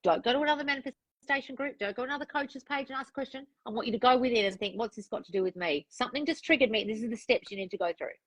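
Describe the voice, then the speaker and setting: Speaking very fast in a slightly high voice, this woman coaches a client privately on relationships and manifestation, bluntly giving directions and voicing the thoughts the client should have. The audio is low quality but free of echo.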